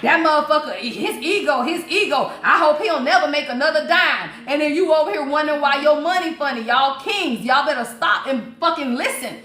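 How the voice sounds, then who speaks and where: High, sharp-voiced profane woman reader. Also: brisk, few pauses, roomy sound, faint music behind. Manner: blunt, profane, preachy, laughs often. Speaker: spiritual reader. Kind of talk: livestream reading recap.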